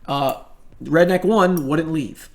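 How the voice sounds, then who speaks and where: A man's voice: a little high, slow pace. A young man telling a story in casual commentary, rambling and swearing, with many fillers and restarts.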